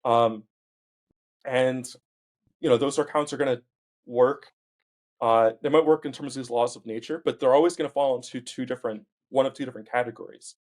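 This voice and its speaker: A man, a philosopher guest, explaining ideas carefully in a casual academic discussion with many pauses. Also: medium pitch, steady tone, a little mellow. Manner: explanatory, many ums and uhs.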